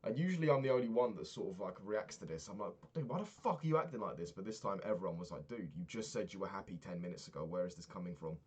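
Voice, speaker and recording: A man's voice: deep voice, quick pace, few pauses, a little mellow, breathy edge. A man in his twenties recapping a trip in a rambling, sweary, casual monologue, often laughing at his own stories. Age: 20s. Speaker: vlogger.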